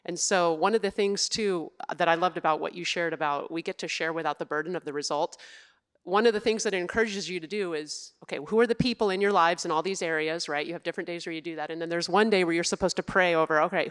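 Woman, thirties, low-pitched voice, earnest reflective testimony, church ministry worker. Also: fast talker, smooth. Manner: earnest, reflective, with soft laughs. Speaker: church family ministry staff.

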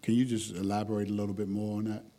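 Male questioner, slow and hesitant, dark, mellow tone. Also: fairly low pitch, flat delivery. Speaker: question asker.

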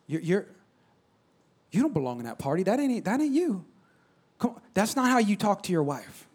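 A man preaching a sermon, animated, swinging from loud calls to soft near-whispers and prompting the congregation. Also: high voice, moderate pace, husky. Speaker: pastor.

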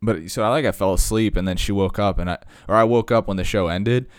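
A man's voice: lowish voice, quick pace, clear, resonant tone, no echo, clean studio sound. A man talking casually, rambling through stories with lots of fillers and asides.

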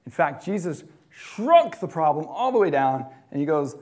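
A man preaching a sermon in a conversational way, swinging between loud emphatic lines and quiet, dropped ones. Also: fairly high pitch, very animated, moderate pace, few pauses. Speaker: pastor.

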